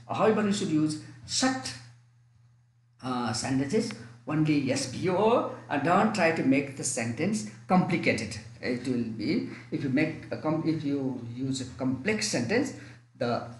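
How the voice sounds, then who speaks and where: A man with a Nepali accent teaching an online English lesson, repeating and restarting his phrases for emphasis. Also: mid-range voice. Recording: echoey room.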